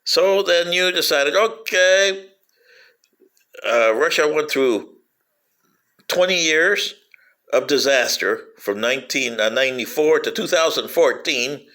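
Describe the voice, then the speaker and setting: A man's voice: fairly high pitch, expressive, slow, pauses often, pushed and bright. A man giving a sarcastic, rambling monologue to camera, teasing his listeners with sing-song taunts and cackles. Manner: rambling with frequent fillers. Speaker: political commentator.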